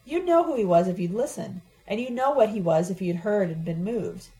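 A woman reading an audiobook gives voice to a sharp-tongued young woman who talks in a mocking, cryptic way. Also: mid-range voice, lively intonation, normal speed, faint music behind, close to an everyday voice, poor audio. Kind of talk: audiobook character voice.

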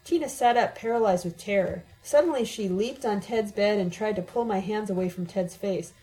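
A woman's voice: mid-range voice, normal speed, warm tone, low-quality recording. A woman giving an emotionally charged, dramatic first-person audiobook narration.

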